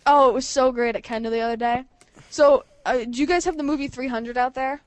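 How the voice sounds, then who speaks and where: A young woman chatting on a podcast over an internet call, giggly and animated, telling stories and doing her friends' voices. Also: sits high, a little fast. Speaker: podcast co-host. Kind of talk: casual chat over a call. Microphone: computer mic on an online call.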